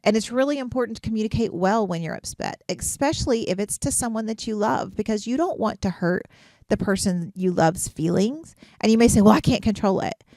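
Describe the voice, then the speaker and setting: A woman's voice: medium pitch, lively intonation, a little fast, dark tone, no echo, studio quality. A middle-aged woman, a therapist hosting a podcast, talking earnestly about relationships, asking rhetorical questions and restarting her sentences as she goes. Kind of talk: casual advice podcast monologue.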